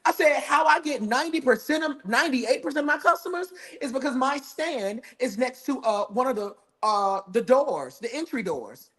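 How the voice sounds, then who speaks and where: A man telling a comedic story in a sassy, profane, animated way. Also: extremely high pitch, normal speed, hardly any pauses, husky.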